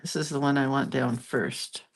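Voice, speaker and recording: A craft video host with a bass, gravelly, husky voice speaks at a moderate pace in a steady tone. Congested and sniffly, she leads a casual demo, chatting while she works and laughing at herself self-deprecatingly.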